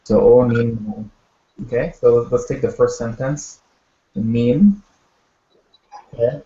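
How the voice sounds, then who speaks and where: A man's voice: medium pitch, slow, dark tone, slight background noise. Patient man teaching in an echoey room. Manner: patient, step-by-step explaining with many fillers. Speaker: language teacher. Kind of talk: online language lesson. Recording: echoey, dull audio.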